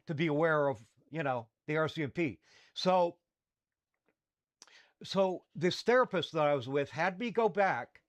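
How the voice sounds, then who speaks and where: A middle-aged man, hosting a talk show and telling a personal story in a candid, rambling way with fillers and restarts. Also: a little high. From Canada. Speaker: podcast host.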